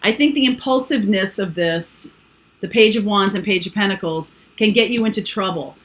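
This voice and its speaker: A woman with a mid-range voice gives a casual tarot reading at a moderate pace. She is chatty and rambling, packing in lots of fillers and asides.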